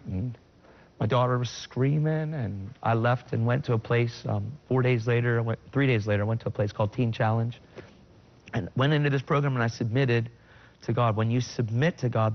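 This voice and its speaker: A middle-aged man telling his personal faith testimony in conversation. He speaks earnestly and with feeling, and his voice jumps high in sudden bursts when he quotes himself. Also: fairly even intonation, fairly quick, vocal fry, highs cut off. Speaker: guest sharing his testimony.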